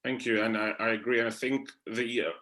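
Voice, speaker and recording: A man's voice: medium pitch, fairly even intonation, brisk, pushed and bright. A man moderating a panel discussion, courteous and encouraging toward the speakers.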